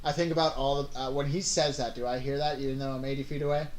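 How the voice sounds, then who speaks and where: A man's voice: medium pitch, fairly even intonation, fast. A man playing a tabletop game, rambling and saying "like" a lot. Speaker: player.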